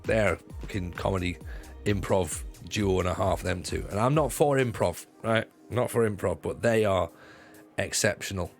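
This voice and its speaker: A low, gravelly man bantering with his chat on a livestream, joking like the comic he once was. He swears freely and stumbles over restarts, with soft music under him. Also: moderate pace. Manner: jokey, chatty, stops and restarts, swears freely. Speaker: livestreamer and former stand-up comic. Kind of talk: casual livestream chat with viewers.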